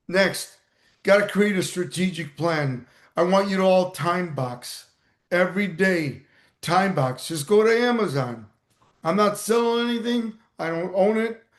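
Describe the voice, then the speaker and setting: A man giving an energetic motivational talk on a video call, stressing and repeating his key points. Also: high-pitched, roomy sound. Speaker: motivational speaker and mentor.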